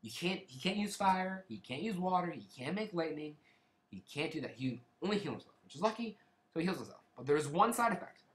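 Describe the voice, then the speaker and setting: Male reviewer, slightly high voice, loose rambling recap with restarts, echoey room. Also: sing-song, fairly quick. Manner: rambling, with frequent restarts and hedging asides. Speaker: book reviewer. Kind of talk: casual spoken plot summary.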